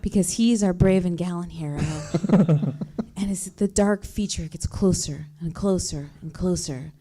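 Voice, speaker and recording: A woman's voice: fairly low pitch, measured pace, mellow, breathy edge. A woman improvising a rambling comic story as a show guest, laughing along as she goes.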